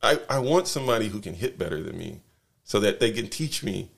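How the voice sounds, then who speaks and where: A man's voice: on the low side, very animated, a little fast, creaky. A man casually telling a rambling travel story, full of fillers, restarts and tag questions.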